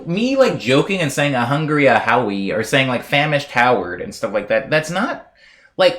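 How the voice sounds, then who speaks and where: A man's voice: medium pitch, a bit bright. A young man from the United States rambling casually as a live streamer, reading viewer messages aloud and chatting playfully with lots of fillers.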